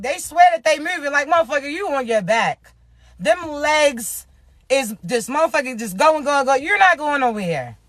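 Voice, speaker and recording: Raspy woman, tarot reader; loud, profane, preachy hype to camera, dry close sound. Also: sits high, no room sound. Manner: profane, emphatic, hyped-up preaching. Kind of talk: casual spiritual reading to camera.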